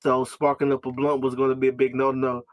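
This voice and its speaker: A man's voice: medium pitch, completely flat delivery, fast talker, no echo. A man from the United States, co-hosting a podcast, who reads a novel aloud and jokes about it, laughing often and swearing freely. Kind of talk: casual podcast chat and dramatic reading.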